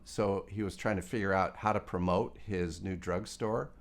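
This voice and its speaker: Man, very deep, gravelly, slow measured history account. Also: fairly even intonation. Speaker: interviewee recounting local history. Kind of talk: documentary interview narration.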